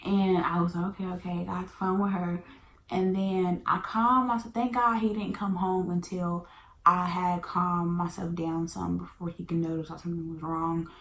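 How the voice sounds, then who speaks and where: Young woman in her twenties, lowish voice, chatty storyteller who slips into whispers; room echo, faint hum. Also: normal speed. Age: 20s. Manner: chatty, animated, drops into whispers. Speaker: vlogger. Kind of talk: casual storytime.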